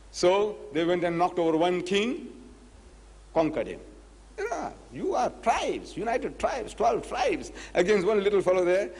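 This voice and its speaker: A man giving a public lecture, retelling a debate and acting out both sides of the conversation. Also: sits high. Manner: animated storyteller, acts out both sides of the dialogue. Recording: echoey lecture hall recording.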